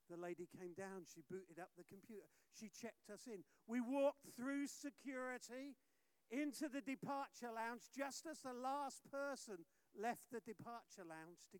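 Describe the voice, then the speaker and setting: A male pastor preaches with energy, pushing some lines out loudly and dropping others to a near hush. His voice sits very high and comes across smooth and resonant. The sound is dry and close. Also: dry recording. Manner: animated storytelling, swinging from loud exhortation to hushed. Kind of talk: sermon.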